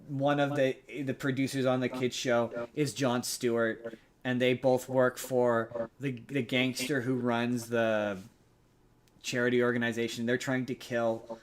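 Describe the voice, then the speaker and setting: A man hosting a podcast, casually recapping a movie plot with a rambling delivery and frequent restarts. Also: mid-range voice. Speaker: podcast host.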